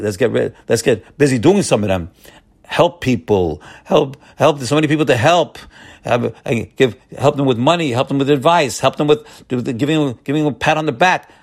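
A man giving an informal Torah talk as a religious teacher. He speaks in a folksy way, repeats his key points, often addresses his listeners as friends, and frequently stops and restarts his sentences. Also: mid-range voice. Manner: hesitant restarts and stammered repetitions.

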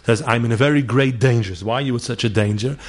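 A man's voice: mid-range voice, quick pace. A middle-aged man giving a holiday sermon, telling stories and sprinkling Yiddish and Hebrew words into his English. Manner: storyteller mixing Yiddish and Hebrew words into English, voicing people in his tales. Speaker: rabbi giving a holiday talk. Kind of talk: sermon with storytelling.

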